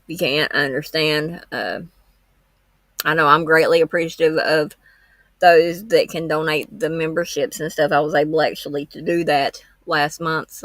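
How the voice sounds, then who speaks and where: A woman chats with her livestream audience from home, frank and homespun. Her voice is bright and forceful, with gravelly fry at the ends of phrases. The sound is close and dry. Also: deep voice, no echo. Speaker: true-crime livestream host. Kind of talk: casual livestream chat.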